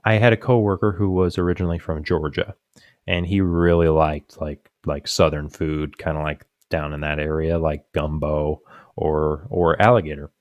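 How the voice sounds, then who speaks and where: A man's voice: rumbling low, level tone, normal speed, no room sound, lo-fi sound. A young man on a podcast, telling rambling stories with lots of fillers and restarts, often laughing at his own punchlines. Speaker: podcast co-host. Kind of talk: casual chat.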